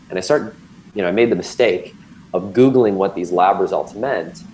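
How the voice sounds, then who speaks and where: A man's voice: lowish voice, fast talker, darkish tone, slight background noise, low-quality recording. A man in his thirties, recounting a personal health scare in a candid conversational way, with lots of ums and restarts. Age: 30s. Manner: candid, filler-heavy storytelling with many ums and restarts. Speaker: guest telling his story.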